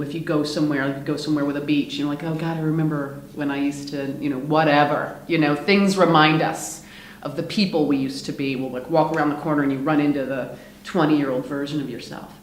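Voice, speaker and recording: An actress chatting casually in an interview, laughing often and using plenty of fillers. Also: female voice, sits low, a little hiss or hum. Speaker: actress in a one-woman show. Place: lounge at a theater. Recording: roomy echo.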